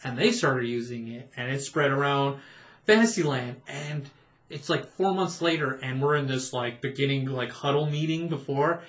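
A man in his thirties, a podcast co-host, telling stories in a casual, animated way, laughing often and acting out what people said. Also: medium pitch, moderate pace. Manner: animated, laughing storyteller who acts out quotes. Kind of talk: casual storytelling chat.

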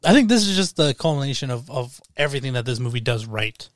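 A man co-hosting a casual film-review podcast, animated, laughing often and swearing freely. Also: medium pitch, quick pace, dry recording. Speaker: podcast co-host.

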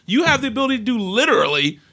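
A man co-hosting a casual podcast chat, animated and laughing often. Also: very high-pitched, racing. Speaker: podcast co-host.

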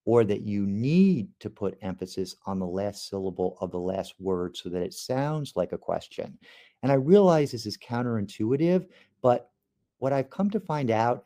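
Lawyer guy lecturing on a podcast, low mellow voice, lots of ums and uhs. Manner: conversational with frequent ums and uhs. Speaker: trial lawyer teaching cross-examination.

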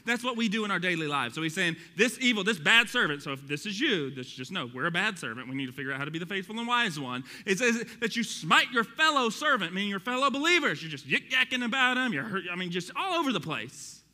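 A man in his thirties preaches to his congregation with a high, very bright voice. He talks in an animated way, dropping joking asides between verses. The sound carries a long reverb from a large hall. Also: fast, few pauses. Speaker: pastor. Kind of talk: sermon.

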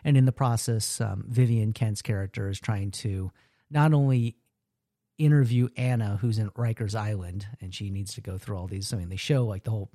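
A man's voice: fairly low pitch, fairly even intonation, moderate pace, dark tone, dry recording, clean studio sound. A man co-hosting a podcast, chatting casually about a TV episode and often restarting his sentences. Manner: rambling, many restarts and asides. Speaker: podcast co-host. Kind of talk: casual chat recapping a TV episode.

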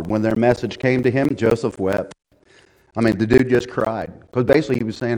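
A man delivers a sermon in church, his voice at an everyday middle pitch. He talks in a folksy, chatty way, then swells into loud, emphatic preaching. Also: steady tone, brisk, poor audio. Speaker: pastor.

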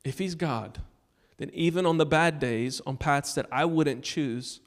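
A male pastor giving a sermon, telling a personal story and urging the congregation, moving between loud appeals and hushed moments. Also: a little high, normal speed. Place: church sanctuary.

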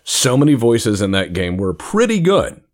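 A man hosting a podcast, speaking in a neutral American accent he puts on over his native Southern one, animated and quick to laugh. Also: mid-range voice. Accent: neutral American, put on over a native Southern one. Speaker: podcast host. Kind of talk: casual podcast chat.

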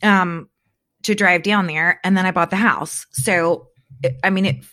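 A woman hosting a podcast, telling stories in a rambling, animated way and acting out what people said. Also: lowish voice, measured pace. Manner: rambling, animated storyteller who acts out quotes. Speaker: podcast host. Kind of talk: casual chat.

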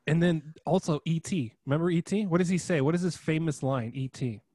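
A young man in casual chat, an animated storyteller who gets loud when acting out his own reactions. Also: fairly high pitch, a little fast, no echo, clean studio sound.

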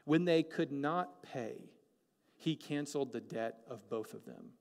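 A man preaching a sermon as pastor, animated and joking, asking the congregation many questions. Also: medium pitch, unhurried, gravelly. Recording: long hall reverb.

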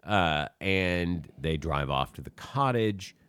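A man co-hosts a podcast in casual chat, animatedly recapping a movie's plot, swearing freely and acting out the quotes. His low, resonant voice is clear and slow. The studio sound is clean, with no echo.

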